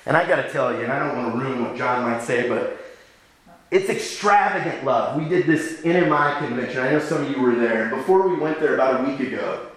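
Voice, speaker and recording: A man's voice: animated, a little fast. A man preaching a sermon to his church, acting out characters in a raised voice and joking with the congregation. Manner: acts out characters with raised pitch, jokes with the congregation. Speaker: pastor. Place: church sanctuary.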